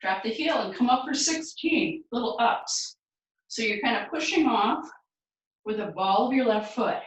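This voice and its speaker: A woman fitness instructor leading a guided home workout, counting reps aloud and giving steady encouraging cues. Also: a little high, takes it slowly, long pauses. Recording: very echoey room, mic far away.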